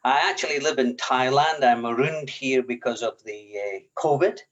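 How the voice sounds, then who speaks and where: A man's voice: mid-range voice, normal speed. A man from Australia introduces himself on a video call with muffled, lo-fi sound. He speaks plainly and matter-of-factly, in a mid-range voice. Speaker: franchise consultant. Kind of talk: casual self-introduction. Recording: dull lo-fi video call audio.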